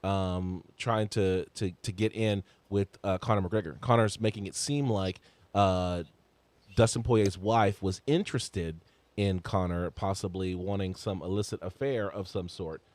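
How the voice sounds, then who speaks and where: A man co-hosting a sports podcast in casual chat, stumbling over restarts and letting his voice jump high when excited. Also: measured pace, no room sound. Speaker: podcast co-host.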